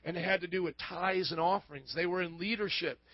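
A man's voice: sits high, brisk, dry recording, dull audio. A male pastor preaching a sermon, emphatic and calling out to the congregation for responses.

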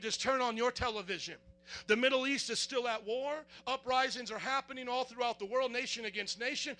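A man preaching a sermon as pastor, fervent, quizzing the congregation in call-and-response and building up to shouts. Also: extremely high pitch.

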